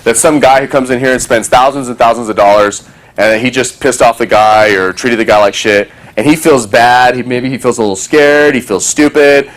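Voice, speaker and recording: A man's voice: mid-range voice, normal speed. A man talking casually to a small group, telling a story and acting out other people's voices, swearing freely.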